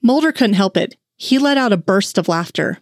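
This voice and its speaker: A woman reading fan fiction aloud in a steady storytelling narration. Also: mid-range voice, normal speed, dry recording, clean studio sound.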